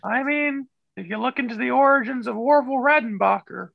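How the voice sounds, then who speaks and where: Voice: medium pitch, fairly quick, gravelly, no echo, highs cut off. A podcast co-host joking around in a casual movie chat, laughing often.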